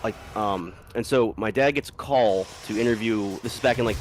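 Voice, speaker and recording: A man's voice: on the low side, fast talker, over music. A man casually telling a long story to friends, rambling, swearing freely and often breaking into laughter.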